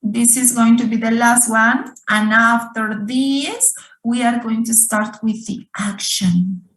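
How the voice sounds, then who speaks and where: Lady teacher on a video call, talks slow, repeats stuff, roomy far-off sound. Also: a little high, fairly even intonation, fairly bright tone. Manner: slow, repeats points and asks students questions. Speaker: English teacher. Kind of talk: online grammar lesson.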